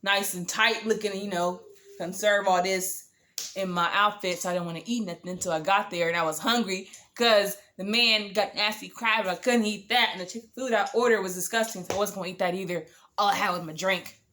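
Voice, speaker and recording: Speaking a little fast in a steady, mid-range voice that is bright and forceful, a woman vlogs a storytime to camera over a slight hiss or hum. She's casual and profane, quoting herself and others in asides as she rambles on in exasperation.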